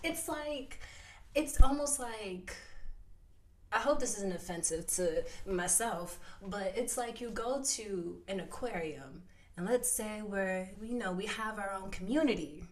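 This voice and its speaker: A woman's voice: medium pitch, measured pace. A young woman hosting a casual conversation podcast, telling a story with lots of fillers. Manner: animated storytelling, many fillers. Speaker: podcast host.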